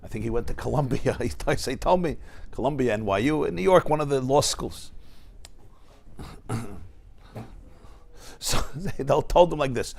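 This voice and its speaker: A man teaching a class as a rabbi, telling anecdotes and often shouting the punchlines. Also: medium pitch, moderate pace, gravelly, long pauses. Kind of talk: lively classroom lecture with anecdotes.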